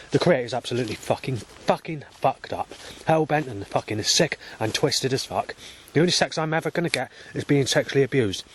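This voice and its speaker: A man's voice: mid-range voice, animated, brisk, slightly rough. A man vlogging on a walk outdoors by a road, talking in a rambling, agitated and profane monologue.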